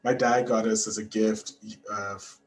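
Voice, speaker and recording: A man's voice: fairly low pitch, normal speed, crowd noise, low-quality recording. A man hosting a podcast interview, talking casually and eagerly with many fillers and restarts. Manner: chatty and animated, with frequent fillers and restarts. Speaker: podcast host.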